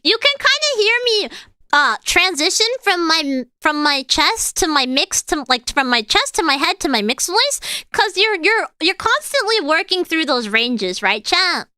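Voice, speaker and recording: A woman streamer with a very high, bright voice talks to her chat in a casual, excitable way. She explains singing technique as she reacts, full of "like" and "uh", and her pitch swings widely. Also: moderate pace, dry recording. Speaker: streamer and singer.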